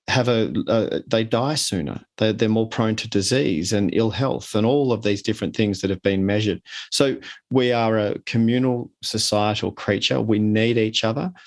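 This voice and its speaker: Earnest Australian man, slightly low register, speaks as an interview guest explaining his ideas. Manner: earnest, explains with long everyday examples. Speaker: author and guest. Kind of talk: conversational interview.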